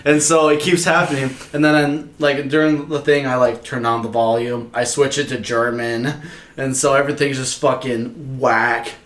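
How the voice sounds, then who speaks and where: A young man co-hosting a podcast, telling animated, profanity-filled stories and laughing often. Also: mid-range voice, moderate pace. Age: young adult. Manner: animated storytelling, swears a lot, laughs often. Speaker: podcast co-host. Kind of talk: casual chat. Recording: echoey room with faint noise.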